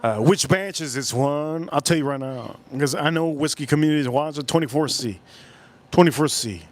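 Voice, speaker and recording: A man's voice: a little high, normal speed. Rambling man chatting on a live stream. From South Florida. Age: adult, older than in his youth. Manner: rambling, talks straight to chat, repeats himself. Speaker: livestream host. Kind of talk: casual live-stream chat.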